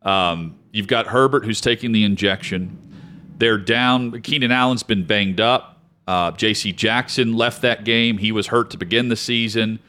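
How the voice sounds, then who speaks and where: Low-voiced male sports talk co-host. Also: steady tone, a little slow, bright, forceful tone. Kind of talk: sports talk radio discussion.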